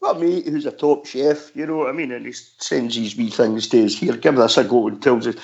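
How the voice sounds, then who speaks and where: A man's voice: medium pitch, a little fast, vocal fry, darkish tone. A chatty Scottish man talks football on a fan call-in show, laughing easily as he goes. His voice sits mid-range, and the audio is dull and lo-fi. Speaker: regular pundit on a fan radio show. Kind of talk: casual chat.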